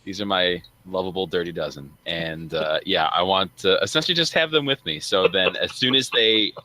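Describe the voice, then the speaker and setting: A man's voice: low voice, normal speed, sharp tone, low-quality recording. A man playing in a tabletop role-playing game, describing his moves eagerly with many "uh"s. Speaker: player. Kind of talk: tabletop role-play chat.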